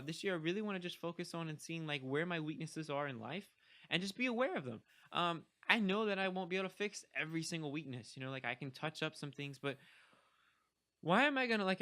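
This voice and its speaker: A man's voice: a little high, sharp tone. A young man vlogging casually to camera, rambling and upbeat with lots of fillers. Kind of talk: casual talking-head vlog.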